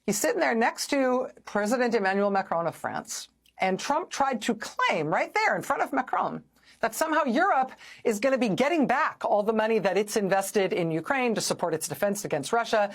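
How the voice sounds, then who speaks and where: Wry, animated woman news host. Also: fairly high pitch, moderate pace. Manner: sarcastic, incredulous. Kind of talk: political commentary.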